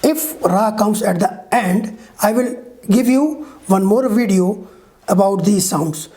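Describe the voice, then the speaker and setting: Slow, mellow-voiced woman teaching pronunciation. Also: medium pitch. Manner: slow, deliberate, models each sound with examples; checks in with the learner often. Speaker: English teacher. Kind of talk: pronunciation lesson.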